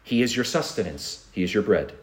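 A man's voice: fairly low pitch, animated, fairly quick. A man preaching a sermon, earnest, with rhetorical questions and repeated refrains. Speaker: pastor. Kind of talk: expository sermon.

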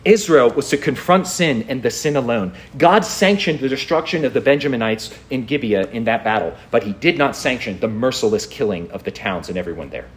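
A man's voice: mid-range voice, lively intonation, a little fast, few pauses. A man pastor preaching a sermon, reading scripture aloud and pressing his point with incredulous rhetorical questions.

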